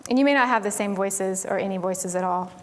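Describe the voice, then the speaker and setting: A Tennessee woman speaks briskly in a medium pitch during a relaxed conference talk on stage. She's chatty, filling her speech with frequent "like"s and "um"s.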